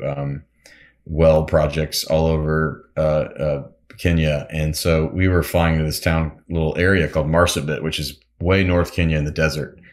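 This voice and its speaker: Man, very deep voice, casual interview guest, rambling, frequent laughs. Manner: rambling, restarts, laughs often. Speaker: musician and pilot guest.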